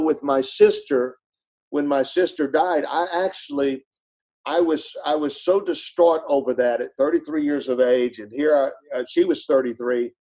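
A middle-aged pastor speaks in a mellow, warm-toned voice, preaching in a conversational way. He tells stories earnestly, and his voice sinks soft and low as he speaks of loss. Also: slightly rough, low-quality recording. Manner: earnest storyteller, voice drops low and soft in grief. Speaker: pastor and author, podcast guest.

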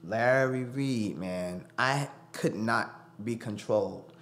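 Speaking slowly in a lowish voice, a man shares a personal story while appearing as a studio guest. He tells it with animation, performing each quoted voice himself, in a storytelling interview.

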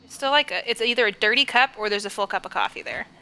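A woman's voice: medium pitch, lively intonation, fast talker, bright, forceful tone, clear, resonant tone. A woman streaming a horror game live from her couch at home, easily startled, giggly and chatty with viewers and her dog, close to the microphone. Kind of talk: live gameplay commentary.

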